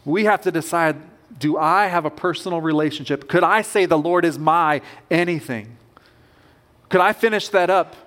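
A man's voice: fairly high pitch, moderate pace, a bit bright. A man preaching a sermon as pastor, earnest and emphatic, with rising bursts of conviction.

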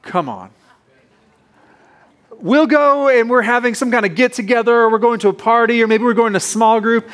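A man's voice: very high-pitched, moderate pace, long pauses, fairly bright tone. A man in his thirties preaching a sermon, casual and playful, with joking asides to the congregation. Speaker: pastor.

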